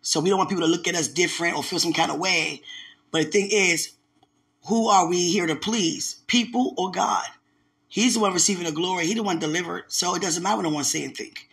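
A woman's voice: fairly low pitch, brisk, creaky, a bit bright. A woman giving a casual spoken testimony as a church member, telling stories animatedly and turning to the listener with preachy asides.

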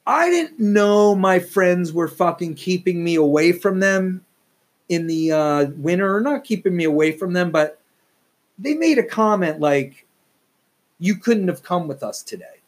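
A man's voice: high voice, expressive, unhurried. A man hosting a solo podcast, ranting in a profane, exasperated, rambling way. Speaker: podcast host.

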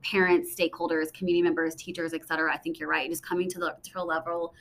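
Woman hosting a podcast, talks fast and chatty, laughs a lot. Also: lowish voice, flat delivery, a bit bright, slight background noise. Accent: Texan. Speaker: podcast host, school administrator. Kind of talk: casual interview chat.

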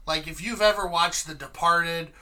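A man's voice: fairly high pitch, normal speed, bright, forceful tone, low-quality recording. A man in casual chat, chiming in and adding details to a shared story.

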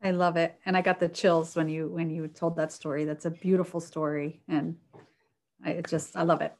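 A woman hosting an interview, enthusiastic and quick to praise her guests. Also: sits low, level tone. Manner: enthusiastic, warm praise, laughs often. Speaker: interview host.

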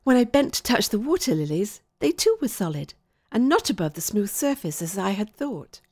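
Expressive woman storyteller, dry sound. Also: medium pitch, moderate pace, no room sound. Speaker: narrator. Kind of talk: first-person storybook narration.

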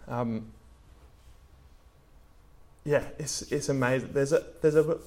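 A man's voice: medium pitch, takes it slowly, a little mellow. A young man from England giving a casual sermon, chatty and full of fillers as he tells stories. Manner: chatty, many "like" and "um" fillers, storytelling. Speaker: preacher.

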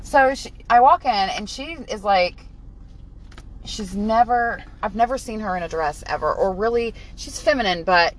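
A woman's voice: mid-range voice, animated, normal speed, slight background noise, low-quality recording. A woman in her thirties, co-hosting a casual podcast and telling stories in a blunt, profane way, laughing often. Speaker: podcast co-host.

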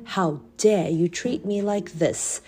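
A woman's voice: medium pitch, takes it slowly, crowd noise, close to an everyday voice. A woman reading a storybook aloud and voicing a stern, bad-tempered male schoolmaster who blusters indignantly.

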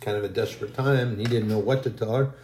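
A man's voice: fairly low pitch, fairly even intonation, fast talker, darkish tone, slight background noise. Folksy rambling male preacher, roomy sound. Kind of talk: storytelling sermon.

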